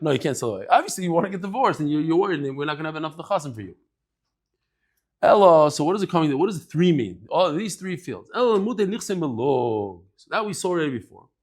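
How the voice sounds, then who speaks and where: A man giving a daily Talmud lecture, conversational and lively, acting out bits of dialogue as he explains with everyday examples. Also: a little high. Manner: lively, acts out dialogue in quick asides. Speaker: Talmud teacher.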